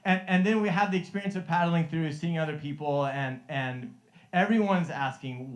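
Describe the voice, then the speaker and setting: A man's voice: a little high, normal speed. A middle-aged man and Christian life coach telling a testimony to a live group, earnest and often laughing, with many restarts.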